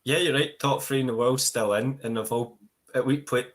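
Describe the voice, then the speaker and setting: A man co-commentating on online darts in casual banter, relaxed and talking to the viewers' chat. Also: medium pitch, moderate pace. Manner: relaxed, talks to the chat room.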